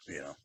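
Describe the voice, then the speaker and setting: A man's voice: medium pitch, pushed and bright, slight background noise. A man telling stories in casual chat, swearing often, laughing, and acting out what others said. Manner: profane, laughing, acts out voices in stories. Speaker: podcast co-host.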